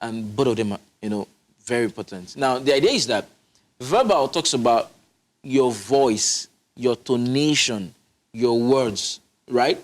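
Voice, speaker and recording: In a studio interview, a male public speaking coach describes his approach in an instructive, emphatic way, restarting sentences often. He speaks at a measured pace in a mid-range voice with lively intonation.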